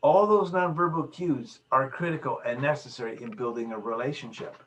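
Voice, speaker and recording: A man's voice: medium pitch, fairly quick, a bit bright. A man lecturing in a recorded video session, emphatic, repeating his key phrases and acting out small examples. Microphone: video call.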